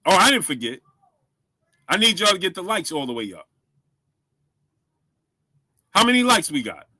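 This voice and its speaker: Bright-voiced man hosting a casual live stream. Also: high voice, sing-song, moderate pace, dry recording. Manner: shouts out viewers, asks for likes; stumbles over words, repeats himself.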